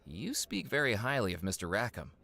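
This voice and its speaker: A dry, wry game narrator. His voice sits on the low side and moves with lively intonation. He delivers his lines with understated humor. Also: a little fast, creaky, heavily acted. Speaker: game character.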